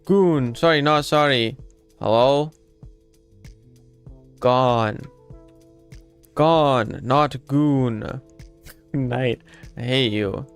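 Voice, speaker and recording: A man streaming and chatting casually, excitable and prone to squeaky high yelps. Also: takes it slowly, clear, resonant tone, soft background music.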